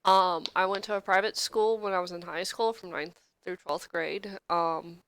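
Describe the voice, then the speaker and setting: A woman's voice: lowish voice, steady tone, moderate pace, a bit bright, a little hiss or hum. A young woman co-hosting a casual podcast, candid and blunt, swearing freely and wandering into asides. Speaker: podcast co-host. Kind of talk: casual chat. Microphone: podcast microphone, streamed live.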